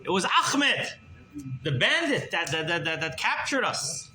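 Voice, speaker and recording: A male rabbi telling a story in a sermon, animated, with many restarts and repeated words. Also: high voice, a little slow. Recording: roomy room with background noise.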